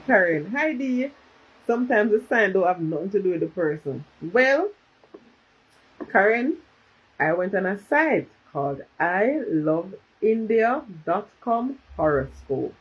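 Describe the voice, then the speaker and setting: Woman, husky voice, casual livestream chat, lo-fi phone sound. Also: medium pitch. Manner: chatty, reads out viewer comments, switches to patois. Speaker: livestream host. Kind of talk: casual live chat with viewers.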